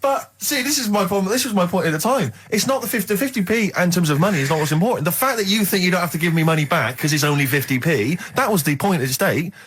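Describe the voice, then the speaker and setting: A man co-hosts a radio show, with a fairly high voice and a rapid pace. He lectures and teases in a mock-pompous, animated way, as if a small slight were a grave matter. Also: slightly rough. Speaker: radio co-host. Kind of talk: casual radio banter.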